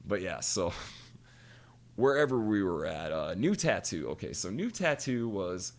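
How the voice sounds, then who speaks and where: A man's voice: sits low, big pitch swings, measured pace. A man co-hosting a podcast, chatting casually and animatedly, cursing freely and telling stories with quoted voices. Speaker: podcast co-host. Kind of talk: casual chat.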